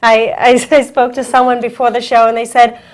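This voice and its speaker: A woman hosts a casual talk show, chatting freely and laughing often. Her voice sits a little high, and she coughs now and then. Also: little pitch movement, moderate pace. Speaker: host.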